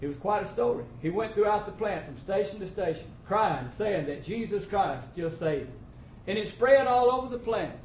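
With lively intonation, a moderate pace, and a darkish tone, this high-voiced preacher relates his testimony in folksy country grammar. It's recorded in a roomy, echoing church with faint ambience and a little hiss or hum.

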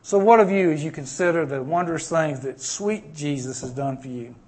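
A man preaching a sermon, dropping to hushed, low tones and then rising to loud, impassioned climaxes. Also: normal speed.

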